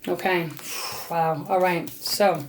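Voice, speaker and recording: A woman's voice: fairly low pitch, steady tone, slow, background noise. A woman giving an unscripted tarot card reading, speaking earnestly straight to her listener. She grows emotional and protective as she talks, and now and then drops a casual swear word. Between cards she speaks aloud to Spirit. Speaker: tarot reader.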